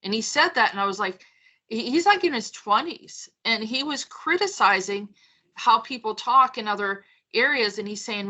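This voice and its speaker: A woman podcast host from the United States with a bright, forceful voice. She chats loosely and tells stories with plenty of "you know" and "um" along the way. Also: on the high side, moderate pace, poor audio. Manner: chatty, storytelling with many fillers. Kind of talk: casual conversation.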